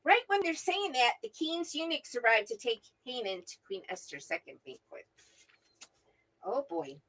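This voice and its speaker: A middle-aged woman co-hosts a casual Bible discussion, telling the story in a high, bright voice. Her pitch swings widely as she animates each scene. She keeps checking in with "right?" as she goes. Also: very animated, moderate pace, poor audio. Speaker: co-host, mother of the other host. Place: at home, remote from her co-host.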